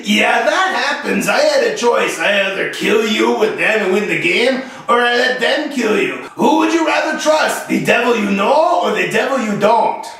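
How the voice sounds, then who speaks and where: A man voicing a cocky male gamer from Quebec, drawing out his taunts slowly and teasingly. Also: high voice, expressive, vocal fry, pushed and bright, full character voice. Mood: smug. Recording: echoey room, voice heard from a distance.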